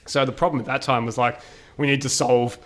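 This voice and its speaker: A man's voice: medium pitch, fairly even intonation, fairly quick. A man as a podcast guest, telling stories casually and animatedly, laughing often and using many fillers. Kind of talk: casual storytelling interview.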